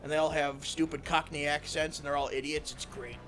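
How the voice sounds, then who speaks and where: A man co-hosting a comedic podcast, excitable and given to loud shouted bits. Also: fairly high pitch, a little fast, faint music behind. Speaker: podcast co-host.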